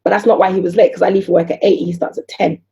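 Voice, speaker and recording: Fast-talking mellow woman. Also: on the low side, vocal fry. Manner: animated, rhetorical questions, acts out voices of others. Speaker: guest entrepreneur. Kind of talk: casual podcast conversation.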